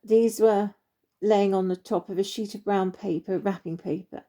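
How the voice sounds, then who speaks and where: A woman narrating a children's story in a warm, expressive storytelling manner. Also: mid-range voice, normal speed.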